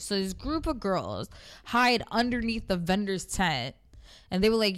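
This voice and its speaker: A woman's voice: on the high side, normal speed. A woman co-hosting a casual chat, telling a story with lots of swearing and acted-out quotes. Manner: animated, swears freely, acts out quotes.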